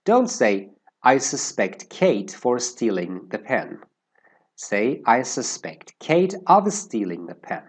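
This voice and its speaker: A man teaching an English usage lesson at an unhurried pace. His voice is a little husky, and his pitch swings widely as he stresses each word's sound. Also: sing-song. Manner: slow, careful explanation stressing word sounds.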